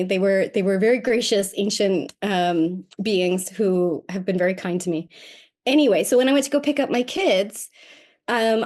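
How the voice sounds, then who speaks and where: A woman guest on a podcast telling a personal story in a casual, animated, self-mocking way. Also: medium pitch. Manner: animated and self-mocking, acting out quoted voices.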